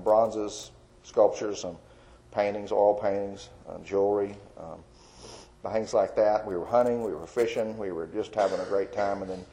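A middle-aged man from Texas shares his personal testimony in an easygoing, folksy manner. His voice is warm, mellow and on the low side, and he often chuckles and restarts his sentences as he tells the story. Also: rough recording. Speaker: Christian artist giving testimony.

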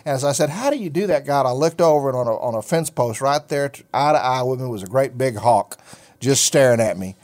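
On his ministry talk show, a middle-aged man tells a folksy, rambling story about his faith, packed with fillers, in an easygoing storytelling chat. His voice is medium-pitched and a little mellow, and his pace is slightly quick.

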